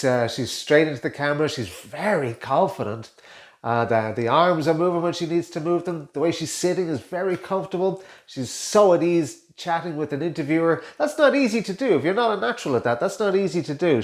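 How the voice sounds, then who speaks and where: Coach man chatting thru clips, lots of uh restarts, room echo. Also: on the high side. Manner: musing, hesitant, many restarts. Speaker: communication coach reacting to clips. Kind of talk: casual reaction commentary. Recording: roomy echo.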